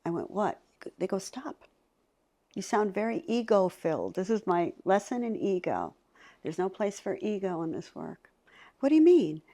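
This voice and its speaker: Animated middle-aged woman telling stories. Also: mid-range voice, normal speed. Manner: animated, acts out voices in her stories. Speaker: psychic medium guest. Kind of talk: storytelling in a conversation.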